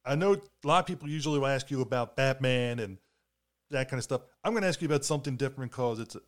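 Brief: male podcast interviewer, eager fan, mid-pitched, casual. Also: fast. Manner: friendly fan enthusiasm, repeats words when starting.

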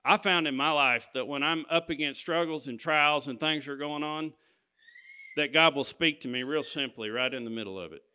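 Male preacher, conversational but emphatic, slightly high voice. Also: normal speed, pushed and bright, smooth. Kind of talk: sermon.

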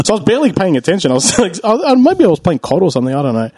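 A young man chatting casually as podcast co-host, animated and crude, laughing often. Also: high-pitched, very fast, husky. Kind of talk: casual chat.

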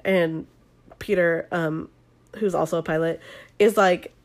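A woman's voice: on the low side, steady tone, unhurried. A young woman chatting casually as she recaps a reality show, gossipy, swearing and saying "like" constantly. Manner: gossipy, swears, fills speech with "like". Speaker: vlogger.

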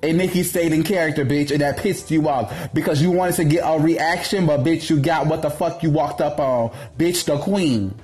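A man ranting in a gossip commentary vlog, brash and profane, with a sassy, sharp-tongued delivery. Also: on the high side, steady tone, a little fast, few pauses, soft background music.

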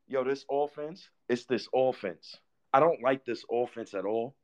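A man's voice: medium pitch, a little slow. A man hosting a fan show, ranting heatedly and profanely, repeating himself as he vents. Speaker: sports fan show host.

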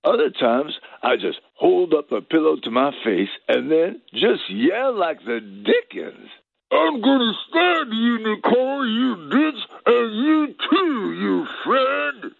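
A man's voice: on the high side, sing-song, a little slow, gravelly, hardly any pauses, dry recording, heavily acted. A man doing a smug drawling celebrity on a phone line. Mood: sly mockery. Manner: sly, joking, drawling delivery. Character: mock impression of a smug male celebrity murder suspect. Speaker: comedy caller.

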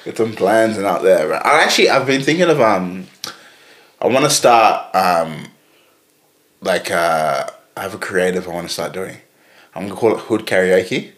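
Low-voiced man, lively banter. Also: normal speed. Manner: swearing, bantering slang. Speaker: podcast co-host. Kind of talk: casual chat.

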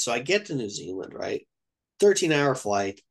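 Telling a lengthy travel tale in relaxed conversation, this Ohio man in his thirties wanders as he goes and acts out others' lines in quoted voices. His pitch is medium and his pace moderate.

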